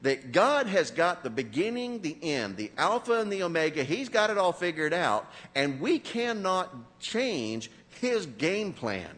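A man's voice: on the high side, a little slow, hardly any pauses, long reverb tail. A man preaching a sermon as pastor, joking and talking directly to his congregation in a church. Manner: animated, joking, talks to the congregation.

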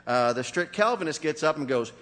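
Lively, joking male pastor preaching. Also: on the high side, fairly quick, in a large hall. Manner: animated, joking, talks to the congregation. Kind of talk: sermon. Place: church.

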